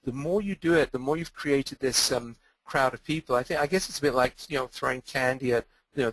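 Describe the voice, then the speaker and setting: Older man, mid-Atlantic accent, guest speaker in a webinar, mid-pitched, rambling with lots of ums and restarts. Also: a bit bright, no room sound, poor audio. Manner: rambling, hesitant, many fillers and restarts. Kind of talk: webinar talk and Q&A.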